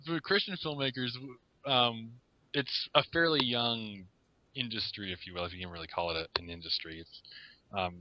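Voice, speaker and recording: A man's voice: medium pitch, normal speed, no room sound. A man as a podcast guest in casual interview talk, hesitant with many ums and small laughs. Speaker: guest reviewer. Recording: dry lo-fi sound.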